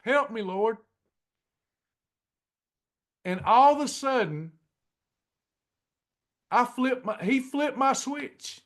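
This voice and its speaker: A middle-aged man telling a personal testimony to a class in a folksy, drawn-out way, acting out the dialogue. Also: extremely high pitch, lively intonation, a bit bright. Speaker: pastor and weight-loss class leader.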